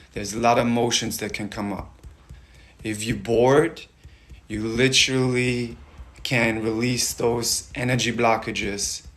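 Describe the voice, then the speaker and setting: Young guy coaching a tapping session, talks really slow, keeps repeating gentle cues, sighs a lot. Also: on the low side. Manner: slow, repetitive and encouraging, with audible sighs.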